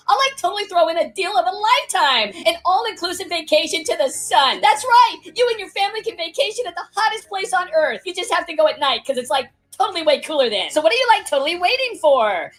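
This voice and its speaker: A woman's voice: a bit bright, heavily acted. Woman playing a ditzy valley-girl saleswoman. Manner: filler "like, totally", hard-sell pitch. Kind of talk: parody infomercial.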